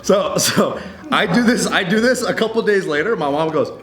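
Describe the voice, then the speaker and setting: A man's voice: sits high, moderate pace, roomy sound, background noise. A man co-hosting a podcast, telling a story in casual group chat, acting out quotes and swearing freely. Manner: animated, acts out quotes, laughs often, swears. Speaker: podcast co-host. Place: podcast studio with several hosts.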